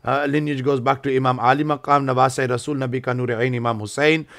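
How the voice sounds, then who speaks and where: Gravelly-voiced man explaining at length. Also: medium pitch, level tone, fast, fairly bright tone. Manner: explains at length, mixes Urdu words into English. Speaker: imam and host. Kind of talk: casual religious discussion.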